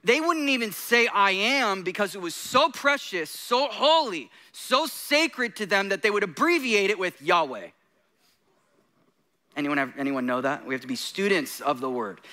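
A man's voice: high voice, expressive, normal speed, sharp tone. A man preaching a sermon, mixing laughing, self-deprecating jokes with intense points. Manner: laughing often while talking. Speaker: guest preacher.

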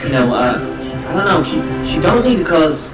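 A man's voice: on the high side, big pitch swings, normal speed. A young man playing a parody of a pop star in a homemade comedy sketch, rambling and stuffed with fillers. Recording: clip replayed from far off in an echoey room, with music.

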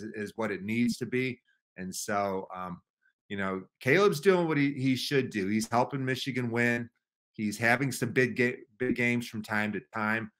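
A man co-hosting a sports podcast, talking through his views in a measured, casual way. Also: mid-range voice, fairly bright tone. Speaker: podcast co-host and analyst.

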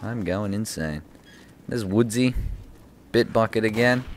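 A young man mumbling casual commentary while playing a shooter game, breaking into sudden high yelps now and then. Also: measured pace. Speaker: gaming channel host.

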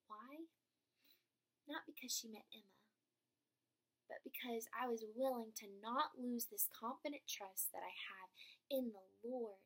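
Earnest high bright-voiced young woman. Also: a little slow, long pauses, husky. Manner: earnest, drops to hushed whispers for emphasis and swells loud at high points. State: near tears at times. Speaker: speaker sharing faith testimony. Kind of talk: inspirational faith talk.

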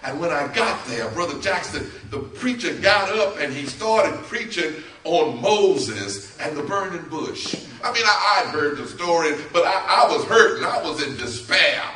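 A man preaching a storytelling sermon, who acts out the voices in his story and swings between loud and soft. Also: fairly high pitch, expressive, unhurried, hardly any pauses, recorded from a distance, slight background noise. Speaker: bishop preaching. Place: church sanctuary. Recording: echoey church from off-mic.

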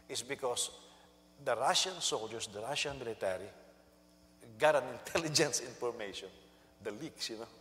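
A male senior pastor preaching a sermon, animated and storytelling, who jumps into high voices to act out quotes. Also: big-room sound, slight background noise.

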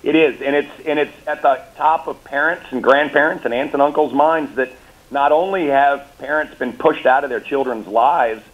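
A man's voice: mid-range voice, steady tone, normal speed, dull audio. A man, a governor, being interviewed on talk radio, confident and upbeat, repeating words as he restarts his talking points. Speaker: governor, guest. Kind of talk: political interview by phone or remote.

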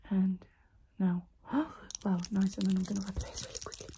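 A woman doing a chaotic whispered role-play, out of breath, repeating quick instructions close to the mic. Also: mid-range voice, flat delivery, noisy background. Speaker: ASMR creator.

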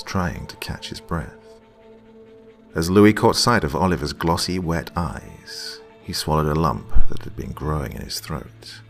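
A man narrating a scary story in a slow, brooding way. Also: very deep voice, lively intonation, gravelly, fairly bright tone, faint music behind. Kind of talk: scripted narration.

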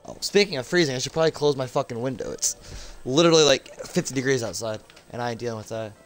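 A man chatting over a live game stream in a crude, rambling, profane way. His voice sits in a middle pitch, with faint game music behind him. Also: fast, clear, resonant tone. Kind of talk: casual live gaming commentary.

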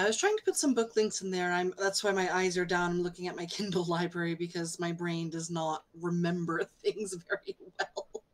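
A woman speaking as a panelist in an online discussion, chatty and often laughing as she talks. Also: fairly low pitch.

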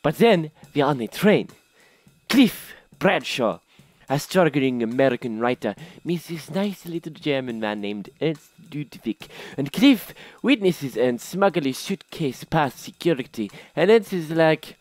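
A man's voice: on the high side, big pitch swings, unhurried, no room sound. A man hosting a casual vlog, summing up a musical in a sarcastic, jokey way. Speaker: host.

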